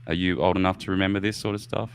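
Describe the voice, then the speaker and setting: Very deep-voiced laughing male host. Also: steady tone, very fast, slight background noise. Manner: laughing, swearing, rambling. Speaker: podcast host. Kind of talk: casual chat.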